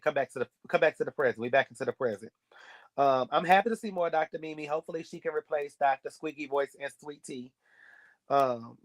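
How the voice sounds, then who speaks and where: A man giving a sassy, blunt, gossipy recap of a reality show episode. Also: fairly high pitch. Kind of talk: casual recap commentary.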